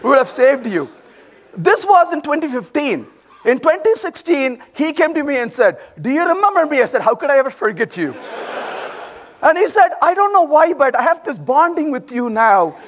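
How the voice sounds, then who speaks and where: A middle-aged man giving a conference talk, animated and playful, acting out quoted voices with quick asides to the audience. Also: very high-pitched. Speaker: conference speaker. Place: large conference hall.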